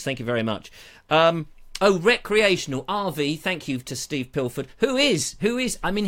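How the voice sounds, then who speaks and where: Male host, lively and jokey, fairly high voice, lapel mic in a small studio. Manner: jokey, playful, digressive. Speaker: host of a live online show. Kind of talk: rambling live-stream chat.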